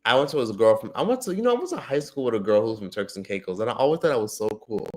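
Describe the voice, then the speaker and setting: A man hosting a casual livestream and reading viewer comments. He is profane and excitable, with loud outbursts that drop to low mutters. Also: very fast. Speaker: livestream host.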